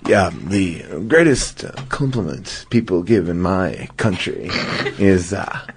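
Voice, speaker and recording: A man doing a comic impression of a suave male film star. He drawls his lines slowly and with mock seduction. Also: low voice, sing-song, slight background noise, pitched below the performer's own voice, exaggerated voice. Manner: slow, mock-seductive delivery.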